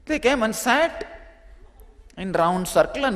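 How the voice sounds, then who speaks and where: A man with a Tamil-influenced Indian English accent tells a story to a gathering, animated and often laughing as he acts out the voices. His voice sits fairly high for a man, and a long reverb trails behind it in a large hall. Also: a little slow, long pauses. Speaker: spiritual teacher. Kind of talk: storytelling spiritual talk.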